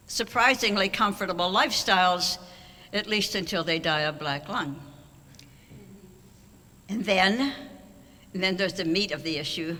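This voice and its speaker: An older speaker with a mid-range, sharp-toned voice delivers a wry banquet speech full of anecdotes as an award honoree. He stands at a podium microphone in a large auditorium, and the recording carries a long hall reverb.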